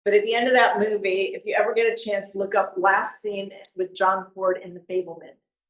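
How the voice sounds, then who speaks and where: Woman, painting demo, relaxed and chatty, roomy echo. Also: medium pitch, normal speed. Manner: relaxed, chatty, thinking aloud with fillers. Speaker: painting demonstrator. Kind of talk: live art demonstration talk. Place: meeting room with an audience. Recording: echoey room recorded from far off.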